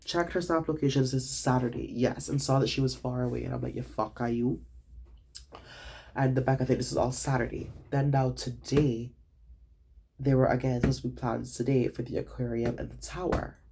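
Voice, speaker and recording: A young man, a student, retelling his day in a casual vlog, animated and dramatic, swearing freely. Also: mid-range voice, a little fast, creaky, slight background noise.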